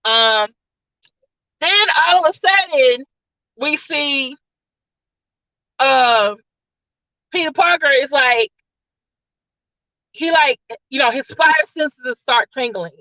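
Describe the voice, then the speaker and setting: A woman's voice: sits high, animated, slow, pauses often, sharp tone, dry recording, muffled recording. A woman reviewer retelling a movie plot in a casual, rambling way, full of "like" and "all of a sudden.". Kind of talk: casual spoiler-filled plot recap.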